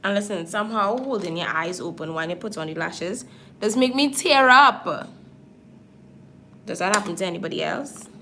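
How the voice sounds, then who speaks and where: A woman's voice: medium pitch, moderate pace, sharp tone, a little hiss or hum. A makeup artist chatting casually with her viewers on a livestream while she applies false lashes. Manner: chatty, talks straight to viewers.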